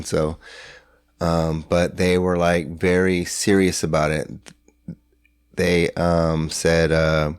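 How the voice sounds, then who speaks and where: A man's voice: low voice, little pitch movement, slow pace, clear, resonant tone, no room sound, studio quality. A middle-aged man telling a long story in casual chat, rambling with fillers and acting out what people said. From San Antonio, Texas. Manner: rambling, lots of fillers and restarts, acts out dialogue. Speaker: podcast guest. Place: hotel room.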